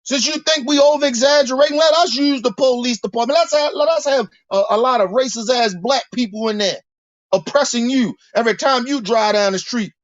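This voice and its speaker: A man's voice: extremely high pitch, a little fast, no echo, highs cut off. A man delivering a heated, profane monologue rant, preaching and repeating himself as he builds his points. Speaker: commentator.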